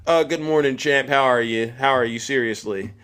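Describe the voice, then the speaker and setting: A man's voice: medium pitch, normal speed, a bit bright, smooth. A man hosting a political live stream, combative and mocking, often raising his voice at chat viewers.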